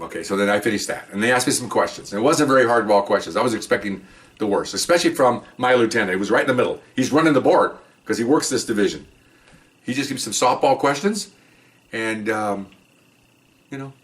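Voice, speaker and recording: With lively intonation and a slightly fast, somewhat bright delivery, a low-voiced ex-cop shares a first-person story on a podcast. He's chatty, slips into other people's voices and curses offhandedly, and the mic sounds distant.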